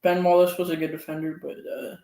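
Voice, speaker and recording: A man's voice: high voice, completely flat delivery, fairly quick, dark tone. A young man co-hosting a casual sports podcast, laid-back and hesitant, thinking aloud as he goes. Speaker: podcast co-host. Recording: echoey room.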